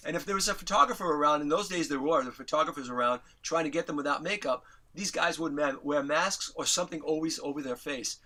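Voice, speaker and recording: A middle-aged New Yorker, an interview guest, tells a story animatedly, acting out quotes with big pitch jumps and casual swearing. He talks fast with few pauses, and his voice sounds pushed and bright.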